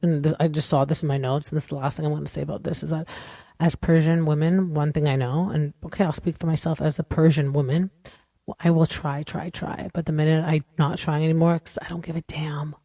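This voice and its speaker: A woman's voice: deep voice, fairly even intonation, fast talker, dark tone, no echo, clean studio sound. A woman hosting a podcast, talking through a show recap in a candid, rambling way with lots of "like" and "you know.". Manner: opinionated, candid. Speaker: podcast host. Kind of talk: casual recap chat.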